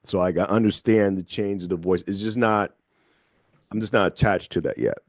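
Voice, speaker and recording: A radio host with a very low voice, speaking in a dry, close studio sound. He talks in a measured, thoughtful way and slows down to stress his points. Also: fairly even intonation, no echo. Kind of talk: casual radio chat. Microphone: studio microphone.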